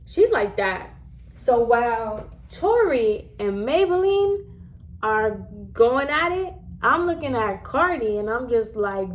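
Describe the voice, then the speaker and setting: A woman in her twenties telling a casual story to camera, animated and emphatic as she acts out scenes. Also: mid-range voice, measured pace.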